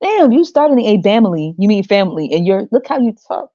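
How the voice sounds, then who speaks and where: A woman's voice: medium pitch, sing-song, fairly quick, dark tone, no echo. An American woman hosting a podcast, ranting in a casual, profane, mocking way and laughing often. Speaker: podcast host. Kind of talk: casual monologue rant. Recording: dull lo-fi sound.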